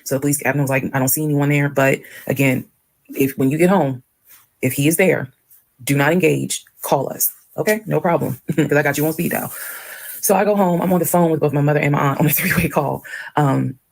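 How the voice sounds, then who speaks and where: A woman telling a personal story in a frank, animated way, acting out the dialogue. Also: sits low, a little fast, creaky. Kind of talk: casual storytelling.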